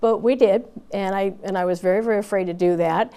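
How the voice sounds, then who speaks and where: A woman's voice: medium pitch, quick pace, mellow, smooth. A woman in her fifties, a Marine Corps veteran, telling her story candidly in an interview with plenty of fillers and restarts.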